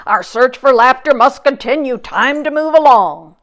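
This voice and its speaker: A woman's voice: high voice, lively intonation, moderate pace, a bit bright. Woman reading as the jester's earnest male sidekick.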